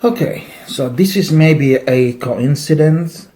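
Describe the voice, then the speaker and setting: A man's voice: a little high, slow, mellow. A man, patiently walking through a casual eating demonstration at a dining table with small jokes along the way. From Malaysia. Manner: joking, patient step-by-step instructions. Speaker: cultural etiquette instructor.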